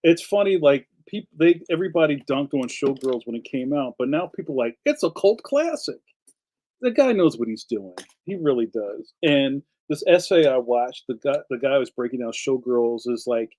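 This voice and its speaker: On a low-quality streaming recording, a Philadelphia man with a slightly high, darkish voice hosts a relaxed live stream. He drifts from subject to subject and takes viewer comments as they come.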